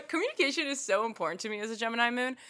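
Chatty young woman, bright voice. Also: a little high, quick pace. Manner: animated, laughing, lots of "like" and "you know". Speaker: podcast co-host. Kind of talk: casual chat.

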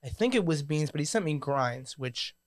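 Measured man, café owner guest. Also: fairly high pitch, lively intonation, dry recording, clean studio sound. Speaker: coffee shop owner, guest. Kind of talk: casual interview talk.

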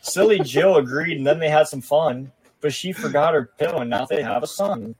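A man's voice: fairly high pitch, moderate pace, darkish tone, rough recording. Young man, crude jokes, casual podcast, faint hiss behind. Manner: crude, joking.

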